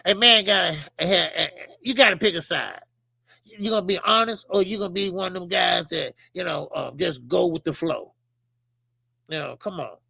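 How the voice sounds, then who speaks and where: Man, boxing stream host, profane and rambling, bright tense voice, dry close sound. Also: high voice, normal speed, gravelly, breathy edge, no echo. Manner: blunt, profane, repeats himself, many fillers. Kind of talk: casual livestream commentary.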